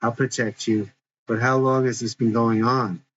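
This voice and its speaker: A man's voice: medium pitch, flat delivery, moderate pace, a bit bright, a little hiss or hum, natural voice. A man voicing a laid-back, protective teenage boy who talks casually and reassuringly, in a dull lo-fi recording. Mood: easygoing.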